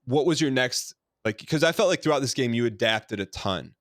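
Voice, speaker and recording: A man's voice: medium pitch, animated, a little fast, fairly bright tone, dry recording. Guy hosting a podcast, rambly questions, lots of likes and restarts, dry close mic. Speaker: podcast host. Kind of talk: casual interview talk.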